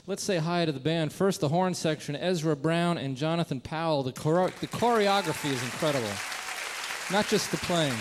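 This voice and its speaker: A man's voice: on the high side, background noise. A man hosting a live radio show, enthusiastic and folksy, addressing his radio audience. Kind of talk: live broadcast interview. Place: concert stage before a live audience. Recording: long hall reverb, audience around.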